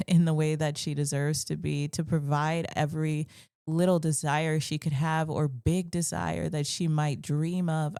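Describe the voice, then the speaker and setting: A woman's voice: deep voice, dark tone, clear, resonant tone, no echo, clean studio sound. A young woman hosting a parenting channel, telling a personal story in an earnest, confessional way that rambles with restarts.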